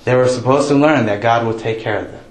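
A man preaching a sermon in a relaxed, joking, conversational way, raising his voice when he acts out people's prayers. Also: medium pitch, quick pace. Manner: conversational, jokey, quotes prayers in raised voice. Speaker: pastor. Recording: roomy echo.

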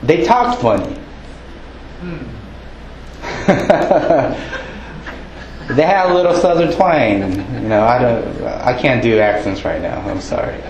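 A man preaching a sermon in a relaxed, conversational way, acting out townsfolk with a raised voice. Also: medium pitch, slow pace, pauses often, echoey room, slight background noise, low-quality recording. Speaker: pastor.

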